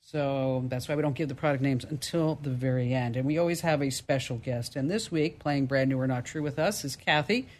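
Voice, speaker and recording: A woman with a New Jersey accent hosting a call-in tech radio show, chatty and animated. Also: extremely low pitch, brisk, hardly any pauses.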